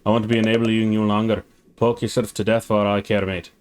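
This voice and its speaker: A man's voice: fairly low pitch, level tone, quick pace, smooth, natural voice. A man voicing a gloomy, self-pitying male crab drifter in a mock Scottish sailor accent, melodramatic. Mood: scornful.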